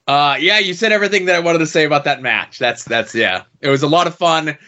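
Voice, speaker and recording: A man's voice: a little high, animated, fast talker, bright, forceful tone. A man co-hosting a podcast, telling a behind-the-scenes story in casual, teasing chat with some swearing. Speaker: podcast co-host, show insider. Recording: muffled lo-fi sound.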